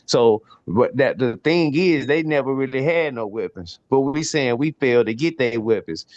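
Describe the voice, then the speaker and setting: A man's voice: medium pitch, no room sound. A man hosts a casual podcast panel discussion, talking in an easygoing conversational way. The sound is dry and close, with a dull, lo-fi quality, as if through a modest setup. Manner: casual, asks viewers to like and subscribe. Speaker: podcast host.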